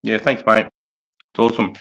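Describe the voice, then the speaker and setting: A man's voice: fairly low pitch, level tone, moderate pace, creaky, a bit bright, rough recording. An Australian man hosting a livestream chat, laid-back, matey and swearing freely. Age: adult with a young son. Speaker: livestream host.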